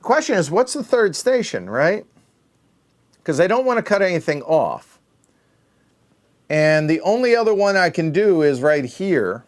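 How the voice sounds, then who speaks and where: A man's voice: sits high, sing-song, a little slow, long pauses. Man muttering counts to himself. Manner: muttering counts under his breath while working out moves. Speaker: board game host. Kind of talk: thinking aloud during a solo board game play-through.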